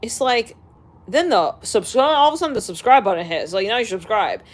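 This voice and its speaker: A woman's voice: mid-range voice, lively intonation, a little fast. Blunt, profane woman ranting to viewers. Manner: blunt and profane, laughing between remarks. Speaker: astrology channel host. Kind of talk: casual rant to viewers.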